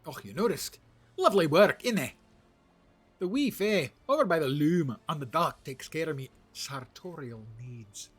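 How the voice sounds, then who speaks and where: Casting: vain dwarf dockmaster, hammy bad Scottish accent, loud, put on by a man. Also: fairly high pitch, lively intonation, a little slow, husky, voice pushed up. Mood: proud. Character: proud well-dressed male dwarf dockmaster.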